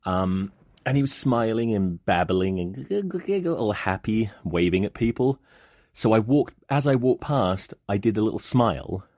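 A man's voice: on the low side, animated, normal speed, darkish tone, no room sound, studio quality. A man hosting a podcast, telling rambling, profane comic stories in a monologue. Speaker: podcast host.

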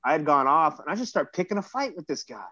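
Higher-voiced man telling a rambling story. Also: very animated, quick pace, pushed and bright, no room sound. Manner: rambling, self-mocking, swears freely. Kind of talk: casual storytelling chat. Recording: dull lo-fi dry recording.

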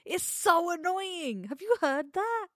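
A woman's voice: very high-pitched, animated, slow pace, no room sound, clean studio sound. A young woman and mother co-hosting a podcast in casual chat, reacting readily, laughing easily and swearing casually. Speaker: podcast co-host.

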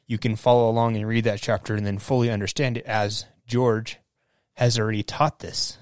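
A man's voice: fairly low pitch, flat delivery, moderate pace, no room sound, studio quality. A man co-hosting a podcast, explaining things in an earnest, casual way. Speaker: podcast co-host.

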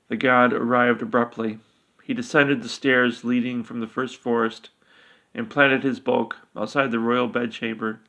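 A man reads a fantasy story aloud with steady, even narration. His voice is gravelly with little pitch movement. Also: measured pace.

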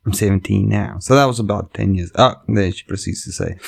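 A comedian hosting his podcast reads online stories aloud and chats loosely into a microphone, his lowish, creaky voice moving fairly quickly with hardly any pauses. He rambles, curses freely and repeatedly breaks off his own sentences.

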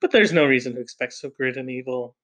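A man reading the lines of a dignified, stern head of household in a measured, formal way. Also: mid-range voice, lively intonation, a bit bright, lightly acted. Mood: grave.

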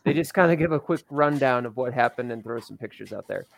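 A man's voice: mid-range voice, fast, creaky, dry recording. A man co-hosting a local racing show, recapping results in loose, chatty talk and laughing often. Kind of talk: casual chat.

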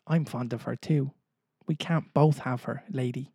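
A man's voice: mid-range voice, fairly even intonation, measured pace, mellow, slightly rough, no echo, studio quality. A man reading a storybook aloud, voicing a cocky, defiant young boy with a sneering, boastful manner. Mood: sulky.

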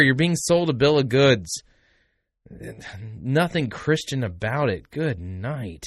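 This podcast host's medium-pitched, fairly bright voice has lively intonation, and he takes his time. He offers critical commentary, mocking and sarcastic toward his subject, with lots of asides to listeners. The recording is dry with clean studio sound.

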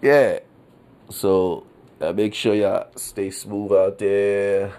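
A man's voice: on the low side, flat delivery, drawn-out words, darkish tone. A man hosting a solo podcast in casual, profane street slang, laughing between lines. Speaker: podcast host.

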